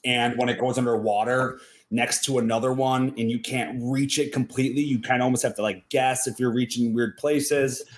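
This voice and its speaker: A man's voice: mid-range voice, steady tone, normal speed. A young man with a Wisconsin accent, chatting casually as a guest about his time on a reality show, a little sleepy but trying to keep his energy up. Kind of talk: casual video chat interview.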